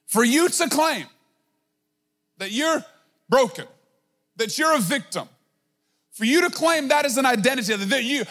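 Pastor, male, 30s, very high voice; chatty, punchy sermon delivery. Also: lively intonation, unhurried, long pauses, fairly bright tone. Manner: emphatic, conversational preaching with many filler "like"s.

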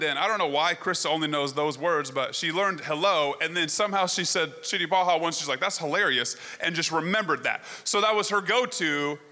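A man delivers a sermon in a high, sharp-edged voice. He works the room with rhetorical questions and a lively story. His words ring out with a long reverb from the large hall around him. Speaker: pastor.

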